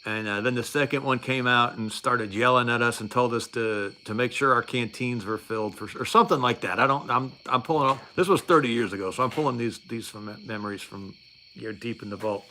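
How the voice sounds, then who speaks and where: A middle-aged man with a bright, forward voice spins a casual story, rambling and wry. He stops often for fillers and starts his sentences over. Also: medium pitch, fairly quick, slight background noise.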